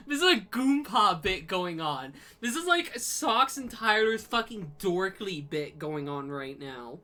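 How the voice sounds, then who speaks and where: A woman's voice: mid-range voice, sing-song, a little slow, hardly any pauses, pushed and bright. A young woman streaming casually, giggly and profane, often collapsing into laughter. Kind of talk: casual chat on a livestream.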